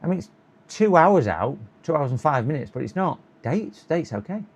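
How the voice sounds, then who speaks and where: A man's voice: fairly high pitch, sing-song, normal speed, slightly rough, dull audio. A tired man with a sore throat, chatting and muttering to himself on a live stream while he repairs a computer. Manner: muttering to himself, chuckling, hopeful coaxing. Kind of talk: casual live-stream commentary while working.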